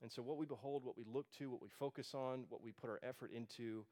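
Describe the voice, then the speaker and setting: A man's voice: medium pitch, fairly even intonation, fast talker, warm tone. Earnest male pastor preaching. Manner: earnest, repetitive restarts with many fillers. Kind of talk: sermon.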